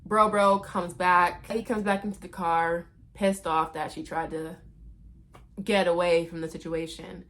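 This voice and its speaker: A woman's voice: on the low side, flat delivery, unhurried, fairly bright tone. A woman recapping a movie in a casual, playful and slangy way, chatting to her viewers.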